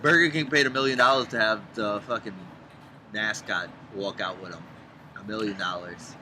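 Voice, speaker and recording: A man's voice: fairly low pitch, normal speed, bright, forceful tone, slight background noise, poor audio. A man giving blunt, opinionated remarks in a casual chat outdoors in a backyard. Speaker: podcast co-host.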